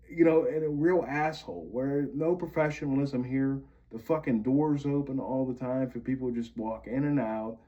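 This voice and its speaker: A man's voice: medium pitch, steady tone, normal speed, few pauses, dull audio. A man from Pennsylvania venting bitterly to camera, swearing often as he rants. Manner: bitter, profane ranting. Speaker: vlogger.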